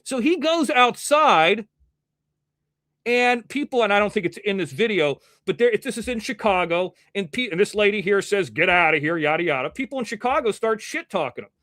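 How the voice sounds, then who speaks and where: Combative rambling stream host, high voice. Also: male voice, lively intonation, moderate pace, fairly bright tone, no echo, studio quality. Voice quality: slightly muffled from wearing a mask. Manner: rambling, combative, talks to chat and critics directly. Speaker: livestream news show host. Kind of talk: casual livestream commentary.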